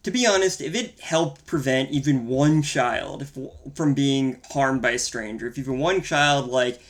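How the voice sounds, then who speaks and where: A man's voice: medium pitch, measured pace. A man co-hosting a casual film-review podcast, talking in a wry, rambling, profane way. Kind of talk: casual chat.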